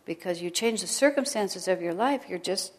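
A woman giving an informal spiritual talk to a small group, gentle and conversational, sometimes dropping almost to a whisper. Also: mid-range voice, lively intonation, normal speed. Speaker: spiritual teacher. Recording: long reverb of a hall.

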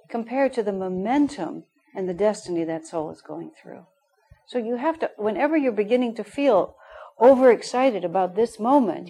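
A middle-aged woman with a husky, mellow voice sitting a little low in pitch. She gives an informal spiritual talk to parents in a loose, conversational way, sprinkling in "you know" as she goes. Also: low-quality recording.

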